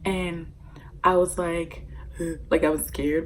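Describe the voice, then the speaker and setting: A young woman vlogger talking straight to her camera, swearing freely in a loose, animated story-time. Her voice sits a little low for a woman. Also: unhurried, slight background noise, poor audio. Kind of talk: casual story-time vlog.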